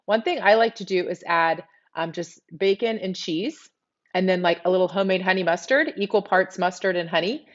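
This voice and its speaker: A middle-aged woman from South Texas, with a Texas accent, hosts a live cooking demo from her home kitchen and chats straight to her viewers. Her voice is on the low side and brisk, and the recording sounds muffled.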